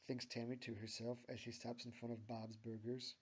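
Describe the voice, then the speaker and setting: Deadpan man reading fan fiction. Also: mid-range voice, normal speed, husky. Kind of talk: mock-serious amateur reading.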